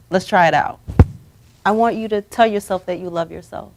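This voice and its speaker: A woman hosting a live talk show, coaching her guests to say affirmations out loud. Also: fairly high pitch, normal speed. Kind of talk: motivational talk show chat. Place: studio or room, streamed live.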